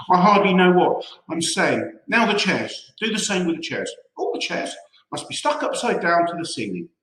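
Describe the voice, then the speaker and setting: A man voicing an excited male monkey father hurrying everyone with orders, in an echoey room. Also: sits high, voice pushed up. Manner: hurried, shouting orders.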